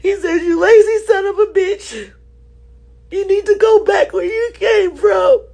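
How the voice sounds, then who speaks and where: A woman's voice: very high voice, steady tone, unhurried, creaky, warm tone. A young adult woman speaking in an emotional live video, crying as she talks, her voice breaking. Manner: tearful, voice breaking. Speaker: politician in played video.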